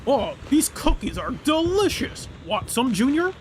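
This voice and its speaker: A streamer voicing a relaxed, chatty panda man who is frugal, in near their own voice. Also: sits high, a little slow, slight background noise, pitched above the performer's own voice. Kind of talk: voicing game dialogue aloud.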